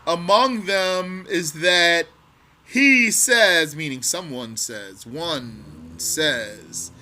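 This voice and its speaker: Slow, bright-voiced male religious teacher. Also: on the high side, expressive. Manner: reads Arabic then translates word by word; slow and deliberate, repeating phrases. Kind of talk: line-by-line text lesson.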